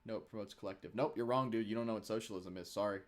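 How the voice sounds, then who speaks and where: A man's voice: on the low side, rapid-fire. A young man from Chicago co-hosting a live stream, teasing the chat in a casual, joking way. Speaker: stream co-host.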